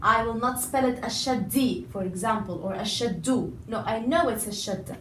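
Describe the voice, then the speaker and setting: A woman language teacher explaining a lesson patiently, repeating words slowly and stressing each syllable. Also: a little high, slight background noise. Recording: echoey room, voice a bit far from mic.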